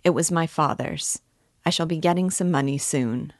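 A woman's voice: low-pitched, normal speed, no echo, studio quality. A woman reading a novel aloud, voicing a poor, troubled young man who is tense and secretive, muttering his thoughts.

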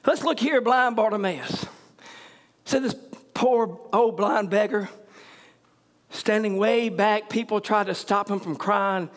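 Preacher guy, real high voice, hollers then goes quiet telling the story. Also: unhurried, long pauses. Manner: fervent, shouts in surges with hallelujahs, drops low for storytelling. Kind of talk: revival sermon.

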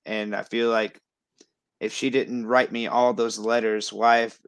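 A man in his thirties, a show guest, telling a personal story with lots of fillers and excited restarts. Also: on the low side, a little slow, smooth, no echo. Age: 30s. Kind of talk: casual storytelling.

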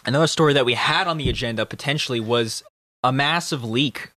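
Man, podcast host, mid pitch, measured, explaining, dry close mic. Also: sharp tone, no room sound. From Canada. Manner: measured, explains news stories. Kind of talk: casual news chat.

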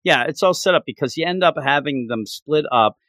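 A man co-hosting a casual manga chat, talking in animated, rambling runs full of restarts and fillers. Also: a little high, fairly quick, dry recording, clean studio sound. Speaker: podcast co-host.

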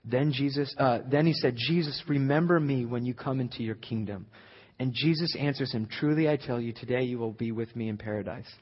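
A man preaching a sermon as a guest speaker, conversational at times and building to loud, emphatic peaks. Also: medium pitch, fairly quick, slightly rough. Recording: echoey hall, slightly dull sound.

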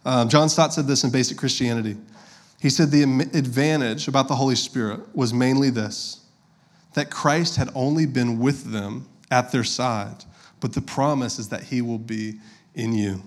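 Conversational pastor preaching. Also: male voice, mid-range voice, fairly even intonation, moderate pace. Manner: conversational, personal storytelling with direct audience address. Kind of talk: sermon.

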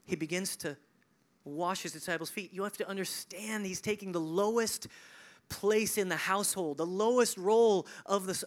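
A male pastor preaching a sermon, conversational and animated, swinging between emphatic peaks and hushed, near-whispered lines. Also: sits high, moderate pace. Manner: conversational asides, chuckling.

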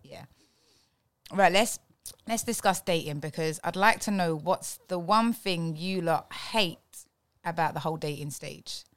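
A woman's voice: on the low side, unhurried. A woman who hosts a podcast and leads the discussion in casual chat. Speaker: podcast host.

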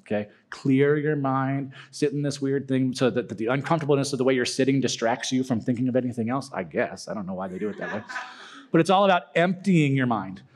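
A man's voice: medium pitch, fairly quick, a little mellow. Joking young man teaching a youth group. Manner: joking, self-deprecating, acts out silly prayer voices.

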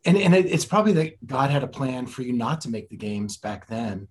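A man with a husky, slightly breathy voice hosts a casual interview, asking earnest questions in an easygoing way. He comes across as sincere and easily moved. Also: medium pitch, expressive, fairly quick. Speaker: podcast host.

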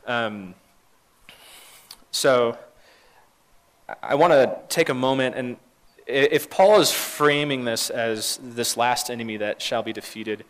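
A young man preaching an informal sermon, talking in a halting, conversational way with many fillers and restarts. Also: medium pitch. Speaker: pastor leading a church talk. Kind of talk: informal sermon with group discussion.

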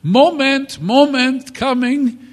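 A man's voice: mid-range voice, expressive, a little slow, vocal fry, husky, exaggerated voice. A man voicing an eager, generous male immigrant florist who speaks broken English, in a reverberant hall.

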